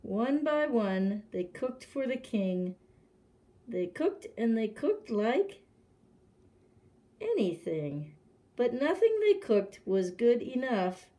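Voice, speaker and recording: Animated woman reading aloud to kids. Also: a little high, slow. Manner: gentle, animated storytelling. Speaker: librarian. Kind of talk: picture book read-aloud for children.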